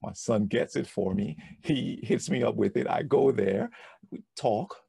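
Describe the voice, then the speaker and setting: A man in his forties, a podcast host, telling a personal story in an animated way, often repeating and restarting words. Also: mid-range voice, measured pace, vocal fry, husky, dry recording.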